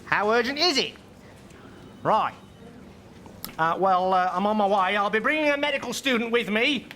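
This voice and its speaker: A jittery young doctor bluffing his way through, his high, bright voice bouncing all over the place. His flustered, anxious delivery has a faint hum of room ambience behind it. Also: animated, normal speed. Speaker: junior hospital doctor. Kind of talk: sitcom acting. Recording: TV sitcom audio with faint ambience.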